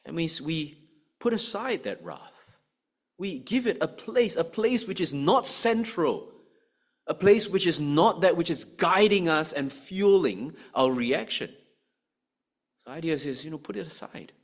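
A man preaching a sermon, animated, with frequent rhetorical asides to the congregation. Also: a little high, unhurried. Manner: animated, rhetorical "right?" asides, acts out angry voices.

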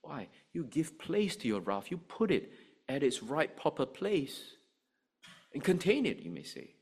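A man preaching a sermon, animated, with frequent rhetorical asides to the congregation. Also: a little high, measured pace, slightly rough. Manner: animated, rhetorical "right?" asides, acts out angry voices.

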